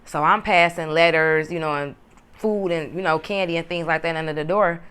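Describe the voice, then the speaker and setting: A woman who was once in prison, telling her story in a blunt, profane, animated way. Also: low voice, moderate pace, clear, resonant tone. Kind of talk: casual storytelling to camera.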